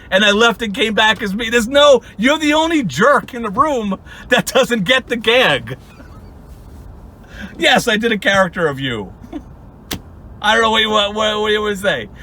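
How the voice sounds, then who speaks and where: A young man with a high, bright voice rants as a channel host, mocking his target with sarcasm and plenty of swearing. He laughs often as he talks. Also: animated, normal speed, a little hiss or hum. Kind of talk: angry ranting commentary.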